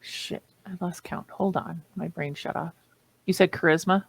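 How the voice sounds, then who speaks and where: A woman player in a tabletop role-playing game, talking casually with a blunt, joking edge. Her voice sits a bit low and carries a noticeable gravelly fry. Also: steady tone. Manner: joking, blunt, quick to swear.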